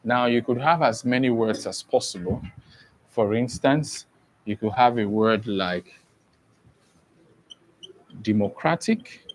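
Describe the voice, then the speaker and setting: Male teacher, slow and methodical, spells words out and checks in with the class. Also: medium pitch, slight background noise, poor audio. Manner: slow and deliberate, spells words letter by letter and often checks understanding. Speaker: English teacher. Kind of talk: exam-prep grammar lesson.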